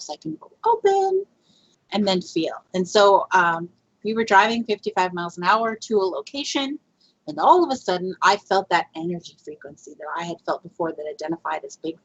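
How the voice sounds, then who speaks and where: Here a woman with a mid-range, fairly bright voice and a breathy quality tells a Bigfoot research tale as a podcast guest. Her casual storytelling wanders and chatters, peppered with fillers and laughs, and the audio is lo-fi and muffled.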